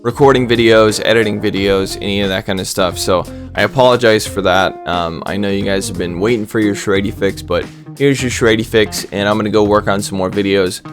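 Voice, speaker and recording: Low-voiced man commentating a game. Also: steady tone, a little fast, hardly any pauses, soft background music. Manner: self-deprecating, rambling with stutters. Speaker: gaming commentator.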